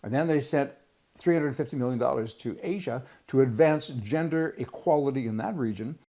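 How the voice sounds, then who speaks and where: A man's voice: mid-range voice, normal speed, mellow. A man from Canada giving a blunt, rambling opinion monologue, restarting his sentences and breaking into sudden exclamations. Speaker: political commentator.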